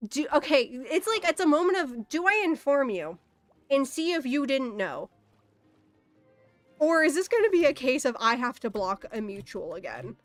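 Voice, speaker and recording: A woman's voice: sits high, sing-song, moderate pace, dry recording, faint music behind. A young woman in a casual, exasperated ranting monologue, swearing often and laughing in disbelief. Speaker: streamer.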